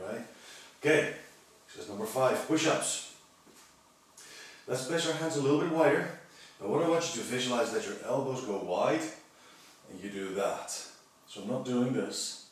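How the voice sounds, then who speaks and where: A man leading a physiotherapy workout, explaining each movement and counting reps in a calm, encouraging way. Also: on the low side. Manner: calm, encouraging, demonstrates while talking. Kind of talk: exercise instruction, counting reps. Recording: echoey room, voice from a distance.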